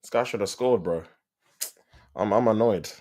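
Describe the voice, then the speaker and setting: Guy streaming a match, kinda low voice, slangy fan commentary, gets wound up at bad passes. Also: normal speed, warm tone. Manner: slangy, talks to viewers, gets exasperated at play. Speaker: live stream host.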